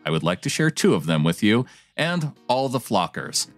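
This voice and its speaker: A man's voice: on the low side, very animated, moderate pace, faint music behind. A man co-hosting a podcast, reading a listener's email with playful, theatrical delivery, then chatting casually. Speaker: podcast co-host.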